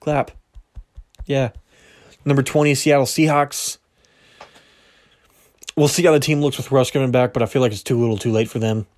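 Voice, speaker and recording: On his solo sports podcast, a young man chats in a loose, rambling way, frequently correcting himself and chuckling at his own mistakes. His mid-range voice is a little mellow and slightly strained, with little pitch movement, a normal speed and frequent pauses.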